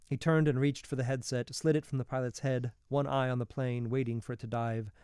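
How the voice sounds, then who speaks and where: Man reading a book out loud, warm mellow voice, dry close mic. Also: medium pitch, clean tone, no echo. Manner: steady, measured storytelling. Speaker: reader. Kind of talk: reading a novel aloud.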